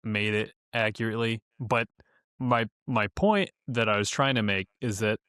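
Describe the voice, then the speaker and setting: A man's voice: on the low side, normal speed, a bit bright, clear, resonant tone, dry recording. A man co-hosting a podcast, talking bluntly in casual chat. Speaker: podcast co-host.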